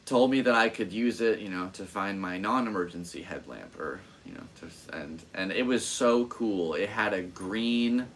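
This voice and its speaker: A young man hosting his own podcast alone, chatting in a rambling, excitable, self-deprecating way. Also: sits low, normal speed, a little hiss or hum, poor audio. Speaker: podcast host. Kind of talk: rambling solo podcast chat.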